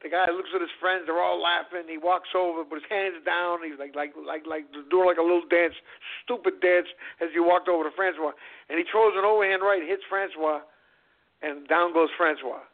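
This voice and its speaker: A man's voice: on the high side, fairly even intonation, moderate pace. Stammering man telling stories over a phone line. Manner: rambling, stammers and repeats words. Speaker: former boxer telling his life story. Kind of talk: casual personal storytelling.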